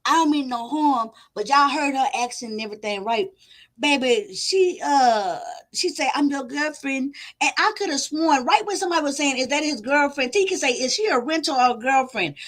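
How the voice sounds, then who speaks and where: A woman reacting to a video in loud, animated, profane casual commentary. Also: high-pitched, normal speed.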